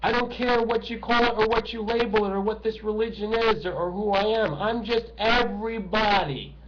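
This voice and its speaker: Angry profane man ranting, high voice. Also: normal speed. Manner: profane, bitter, swings between shouting and hushed talk. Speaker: political video ranter. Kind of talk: angry monologue to camera. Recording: dull lo-fi home recording with noise.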